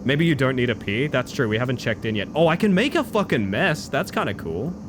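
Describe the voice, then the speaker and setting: A man, chatting excitedly as he streams a game live. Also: mid-range voice, fairly quick, noisy background. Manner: excitable, chatty, bursts into loud exclamations. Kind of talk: live gameplay commentary.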